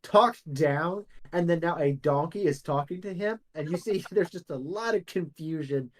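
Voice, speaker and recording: A man's voice: fairly high pitch, normal speed. A man narrating a tabletop game as game master, often laughing as he describes scenes.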